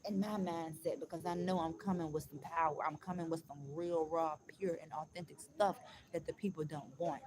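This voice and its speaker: A woman vlogger, ranting bluntly to her viewers, swearing freely and slowing down to read aloud with emphasis. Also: low voice, fairly even intonation, noisy background. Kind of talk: casual motivational rant to viewers.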